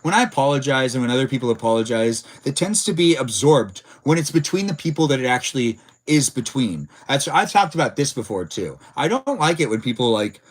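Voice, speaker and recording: A man's voice: mid-range voice, sing-song, brisk, few pauses. A man hosting a casual livestream, rambling with lots of filler words and answering chat messages. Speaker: livestream host.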